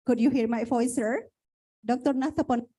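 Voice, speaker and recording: A woman's voice: a little high, steady tone, moderate pace, mellow, breathy edge, poor audio. A woman, moderating an academic conference in a polite, formal way with many fillers. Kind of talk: hosting an online academic conference.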